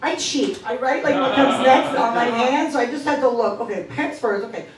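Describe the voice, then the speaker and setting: A middle-aged woman works a club crowd with a stand-up set, chatty and self-deprecating. Her voice sits a little high. She was recorded from a distance in an echoey room, with laughter from the audience around her. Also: normal speed. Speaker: stand-up comedian. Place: comedy club stage.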